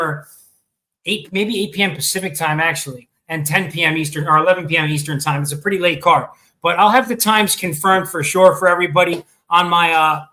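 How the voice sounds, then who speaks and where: Sports show host, male, high pitched, bright tone, rambling casual delivery, fighting off hiccups. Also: poor audio. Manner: chatty, hesitant with many ums and restarts. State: has the hiccups.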